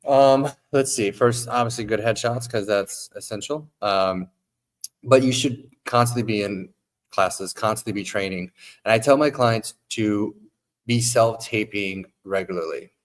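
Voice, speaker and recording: A man with a lowish voice and measured pace chats casually on a podcast as the owner of a modeling agency, saying his voice is going. He's losing it and coughing, yet stays animated, acting out his clients' lines.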